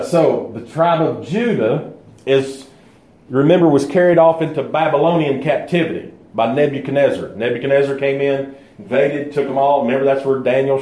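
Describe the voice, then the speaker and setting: A man giving a Bible lesson at an easy, halting pace, stopping often to search for words. His voice sits at an ordinary middle pitch. The sound carries a roomy echo. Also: dark tone. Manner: unhurried, halting, many filler pauses. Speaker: Bible teacher. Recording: echoey room.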